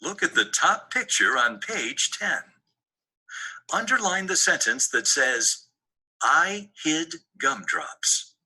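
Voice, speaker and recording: A man with a bright, keen voice that has a husky edge reads workbook directions aloud. He speaks slowly, in a steady scripted manner, and his pitch moves around a lot. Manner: slow, even-toned reading of directions. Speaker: recorded lesson narrator. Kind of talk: scripted instructions.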